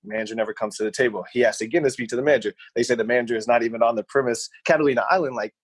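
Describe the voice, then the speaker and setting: A man's voice: mid-range voice, racing, husky, no room sound, poor audio. A man co-hosting a podcast, telling stories in a casual chat, rambling and repeating words as he goes. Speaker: podcast co-host.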